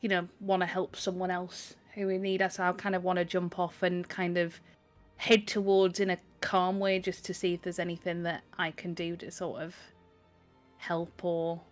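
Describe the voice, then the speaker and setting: A woman's voice: lowish voice, monotone, normal speed. A woman playing in a tabletop game, speaking tentatively and hedging her words, over background music. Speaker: player.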